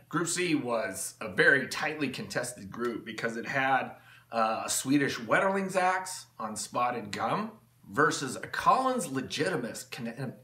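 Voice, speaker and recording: Rambling, excitable man in an echoey workshop. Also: medium pitch. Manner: rambling, enthusiastic, with many fillers and restarts. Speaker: channel host. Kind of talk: rambling casual vlog talk. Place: home workshop.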